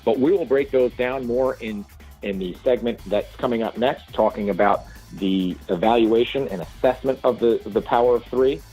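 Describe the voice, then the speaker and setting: A man's voice: mid-range voice, normal speed, dark tone, slightly rough, faint music behind, rough recording. A man hosting an instructional segment on movement training, walking through points methodically one by one. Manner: methodical, lists points step by step. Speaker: segment host, movement coach.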